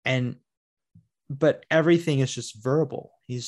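A man's voice: medium pitch, measured pace. A man in a loose podcast chat about a film he has watched. He talks it through animatedly and acts out the characters' lines as he goes. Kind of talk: casual film discussion.

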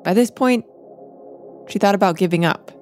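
A woman hosting a podcast, narrating in a measured way and asking casual questions. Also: medium pitch, darkish tone, faint music behind. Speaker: host and narrator.

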